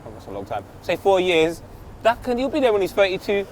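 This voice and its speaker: London guy on a footy podcast, bit high voice, bounces all over, faint traffic behind. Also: fast talker. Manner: excitable, swings between loud outbursts and quiet asides. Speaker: podcast co-host. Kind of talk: casual chat.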